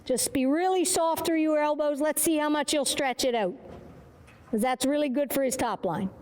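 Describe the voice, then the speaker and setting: A woman's voice: high voice, normal speed, a little mellow, slight background noise. A woman riding instructor giving short, encouraging, repeated commands during a driving lesson.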